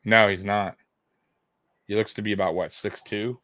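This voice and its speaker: A man co-hosting a casual live football watch party, talking in a loose, animated way, laughing often and repeating himself. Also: fairly low pitch, moderate pace, dry recording, studio quality. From half Italian heritage. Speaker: co-host of a sports watch-party stream.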